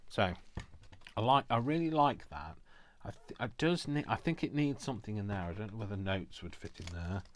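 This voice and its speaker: A man's voice: fairly low pitch, animated, normal speed, a little hiss or hum. A man chatting casually and rambling with self-mocking asides while he makes a craft journal. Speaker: craft vlogger.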